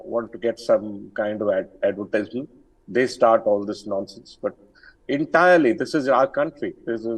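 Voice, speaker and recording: A man's voice: lowish voice, a little mellow, husky. An older man, an army general speaking as an interview guest, firm and emphatic with many fillers and restarts. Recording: distant from the mic.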